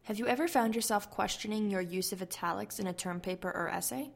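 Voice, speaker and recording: Woman reading a writing lesson, gravelly. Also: mid-range voice. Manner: clear, measured read-aloud delivery. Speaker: podcast host explaining writing rules. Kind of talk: scripted educational narration.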